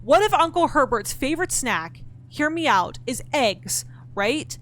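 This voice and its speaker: Sing-song, high, a bit bright, and somewhat slow, an exasperated female streamer swears at a game. Frustrated and cursing a lot, she thinks aloud and addresses both her chat and the game's characters directly in live-streamed gameplay talk.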